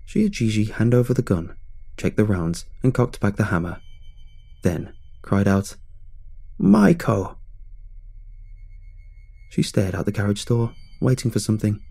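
A man narrating a scripted horror story in a measured, ominous way. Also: lowish voice, animated, mellow.

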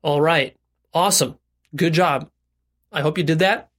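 A man's voice: fairly high pitch, measured pace, a bit bright. A man hosting a self-help video, talking bluntly to the viewer and leading repeat-after-me affirmations. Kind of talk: direct-to-camera self-help talk.

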